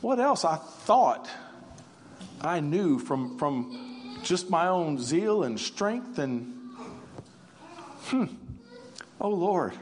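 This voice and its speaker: A man's voice: a little high, sing-song, drawn-out words, pauses often, slight background noise, voice pushed up, exaggerated voice. A man voicing the apostle Peter's uneasy thoughts, hesitant and stammering. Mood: remorseful. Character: the apostle Peter, anxious troubled grown man.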